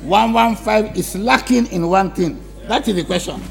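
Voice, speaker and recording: A man's voice: high voice, moderate pace, creaky. A man presiding as speaker of parliament, firmly ruling on points of order and emphatic when he disagrees. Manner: firm, emphatic, interrupting. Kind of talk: chairing a parliamentary debate. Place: parliament chamber.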